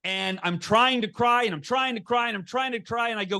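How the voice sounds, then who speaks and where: A man's voice: very high voice, fairly quick, pushed and bright. A middle-aged man, a podcast guest, telling a personal story with earnest animation, stumbling on restarts and acting out the lines he quotes. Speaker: podcast guest, author and speaker. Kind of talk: candid storytelling in an interview.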